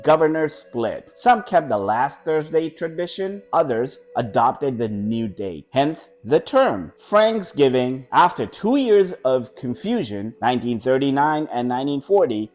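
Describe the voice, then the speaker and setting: A man narrates a scripted explainer with an animated, swooping delivery, punctuating clipped lists with wry one-liners. Faint background music plays under his voice. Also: mid-range voice.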